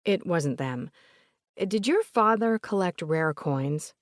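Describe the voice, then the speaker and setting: A woman voicing a composed investigator with a North Carolina accent, asking questions in a calm, measured way. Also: lowish voice, no echo, clean studio sound.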